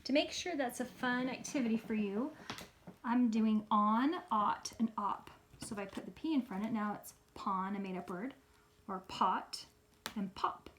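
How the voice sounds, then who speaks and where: Casting: upbeat preschool teacher, a woman, high and sing-song, coaxing the kids along. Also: moderate pace, a little hiss or hum. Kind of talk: lesson for young children.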